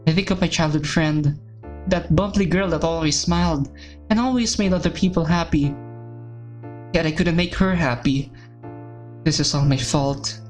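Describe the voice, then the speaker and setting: A woman voicing a guilt-ridden young man who narrates his own thoughts in a low, heavy monologue. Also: normal speed, long pauses, darkish tone, soft background music, lightly acted. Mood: brooding.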